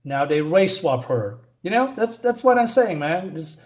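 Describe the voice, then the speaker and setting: A man's voice: high voice, big pitch swings, normal speed, a little mellow. A man giving a casual spoken comic book review, rambling and ranting with lots of fillers and restarts.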